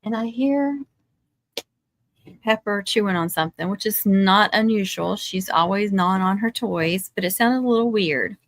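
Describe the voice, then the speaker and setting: Middle-aged woman, craft-stream host, easygoing chatter with a sarcastic streak, mid-pitch. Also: moderate pace, no room sound. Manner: chatty, dry sarcastic asides. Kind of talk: casual chat while crafting. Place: home craft table.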